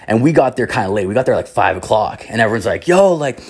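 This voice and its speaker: A man's voice: fairly low pitch, fast, husky. A young man from Canada, telling a rambling, profane story in casual chat, full of filler words.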